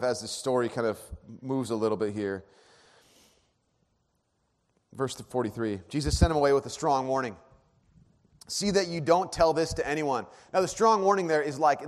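A man preaching a sermon, earnest, dropping to a hush and then rising to emphatic peaks. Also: medium pitch. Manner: earnest, swings from hushed to emphatic. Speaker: pastor. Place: church auditorium. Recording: long hall reverb.

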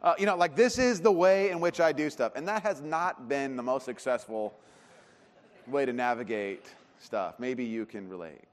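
A man preaching a sermon as pastor, talking conversationally and animatedly, often dropping to quiet emphasis. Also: medium pitch, normal speed, in a large hall.

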